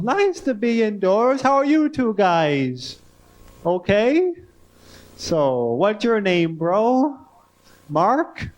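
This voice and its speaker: High, sing-song stand-up comic man. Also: darkish tone, muffled recording. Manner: odd sing-song delivery with wild pitch swings and giggles; slow, halting, wide-eyed childlike storytelling. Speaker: stand-up comedian. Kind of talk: stand-up comedy set. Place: comedy club stage with audience laughter. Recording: faint hiss on a 1980s club tape.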